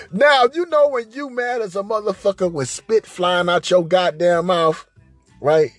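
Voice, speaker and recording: A man hosting a podcast, telling a profane, excitable story and acting out scenes with shushing and cries. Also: high voice, a little slow, dry recording, faint music behind. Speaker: podcast host. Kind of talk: animated storytelling monologue.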